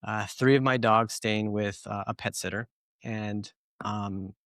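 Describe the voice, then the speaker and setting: A man's voice: lowish voice, unhurried, dry recording, studio quality. Rambling male podcast host telling a story. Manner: rambling, filler-heavy, animated storytelling.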